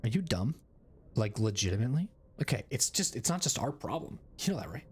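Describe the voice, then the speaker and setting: A man's voice: mid-range voice, very animated, brisk, a little hiss or hum. A man streaming a video game, chatting casually in a rambling, cursing way. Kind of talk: casual gaming commentary.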